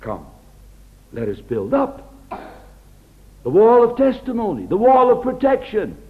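An American man preaching a sermon in an earnest way, often dropping to a hushed, tender tone. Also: sits high, huge pitch swings, measured pace. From United States. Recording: tinny lo-fi phone-like recording.

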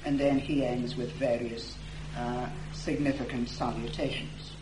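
A man preaching an expository sermon, reading scripture aloud slowly and stressing key words for emphasis. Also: mid-range voice, flat delivery. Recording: echoey room with faint hum.

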